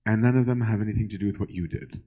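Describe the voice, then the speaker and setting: A young priest races through a casual Q&A with his congregation, constantly asking "right?" and acting out little conversations. His voice sits on the low side with a dark tone, on a low-quality recording.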